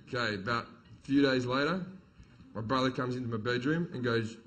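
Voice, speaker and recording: A man's voice: mid-range voice, moderate pace, fairly bright tone. A middle-aged man telling a crude, swear-filled story as a stand-up comedian on stage.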